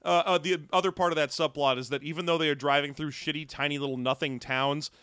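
A man's voice: a little high, fairly even intonation, fast, fairly bright tone, smooth, dry recording. A man co-hosting a casual movie recap chat, wry and sarcastic, often laughing. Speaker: podcast co-host.

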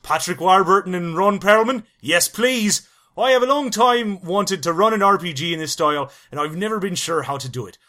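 A man voicing a gruff male British listener reading out his letter, in a mock regional accent that drifts toward an Irish lilt. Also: high voice, moderate pace, bright, forceful tone. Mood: earnest.

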